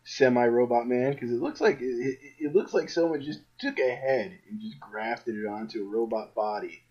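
A man co-hosting a comic-book podcast, animated and acting out characters' lines in paraphrase. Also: medium pitch, normal speed, slightly rough. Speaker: podcast co-host. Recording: dull lo-fi mic.

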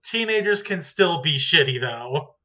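A man's voice: fairly high pitch, lively intonation, unhurried, pushed and bright, muffled recording. A man cohosting a podcast in casual chat, joking and rambling and swearing now and then. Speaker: podcast co-host.

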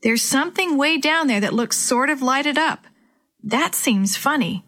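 A woman reading aloud, voicing an eager, excitable young boy. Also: sits high, measured pace, pitched above the performer's own voice, exaggerated voice.

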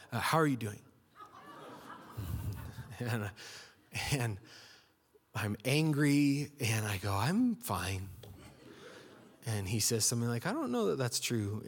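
Storytelling male preacher. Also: medium pitch. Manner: storytelling, conversational, acts out quotes. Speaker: pastor. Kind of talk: sermon.

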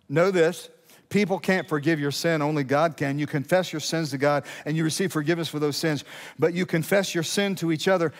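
Pria berkhotbah di aula bergema. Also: male voice, a little high, long reverb tail. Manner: conversational preaching with rhetorical questions, rising to emphatic peaks. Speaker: pastor. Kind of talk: sermon.

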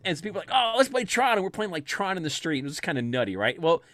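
A man's voice: a little high, animated, rapid-fire, fairly bright tone, no echo. A man casually telling a childhood story, laughing often and acting out the voices in quotes.

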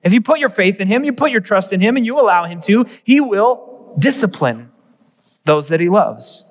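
A young man preaching a sermon as a pastor, earnest and emphatic, with dramatic pauses. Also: high-pitched, big pitch swings. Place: church sanctuary. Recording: long reverb of a church hall.

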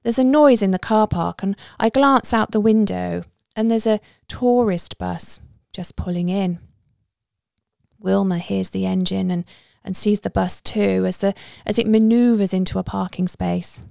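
A woman's voice: mid-range voice, measured pace, gravelly, warm tone, dry recording, clean studio sound. A woman narrating a story in a conversational first-person way.

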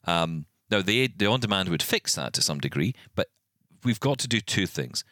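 A man's voice: sits low, sing-song, moderate pace, a bit bright, no echo, studio quality. A man co-hosting a podcast, ranting animatedly in casual chat, often restarting his sentences. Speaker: podcast co-host.

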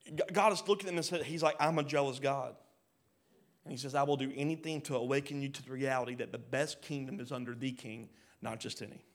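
A pastor preaching a sermon, swinging between loud rising bursts and quiet low drops. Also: male voice, steady tone, fast talker. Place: church hall.

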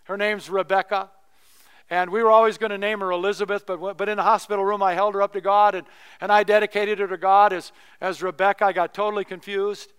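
A middle-aged man preaching from the pulpit with a high, ringing voice. He tells a personal story casually and with humor, his tone clear and smooth throughout. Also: flat delivery, fairly quick, a bit bright. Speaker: pastor. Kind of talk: sermon.

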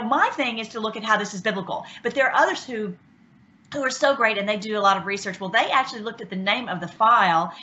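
A woman hosting an online show, talking casually and excitedly, with many restarts and fillers. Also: medium pitch. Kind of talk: casual talk commentary. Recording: dull lo-fi sound.

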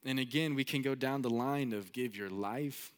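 Man, preacher, sermon, conversational storytelling, repeats phrases, mid-pitched voice. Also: moderate pace.

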